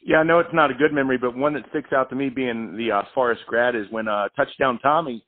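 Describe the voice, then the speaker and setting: A man's voice: mid-range voice, fairly even intonation, quick pace, narrow, tinny audio. A man hosting a sports interview, asking questions in a conversational way. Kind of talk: radio interview.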